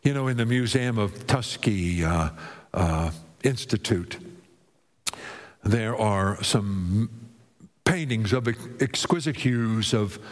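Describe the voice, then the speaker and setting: A man preaching a sermon with dramatic delivery, swinging between high exclaiming and low hushed tones. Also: animated, takes it slowly, long pauses, long reverb tail.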